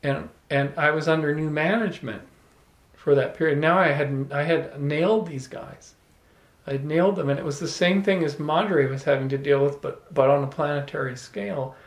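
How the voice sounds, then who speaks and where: A man telling a personal story to a small audience, animated, often laughing and restarting his words. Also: a little high, moderate pace. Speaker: salon speaker. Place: room with a small live audience. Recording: echoey room.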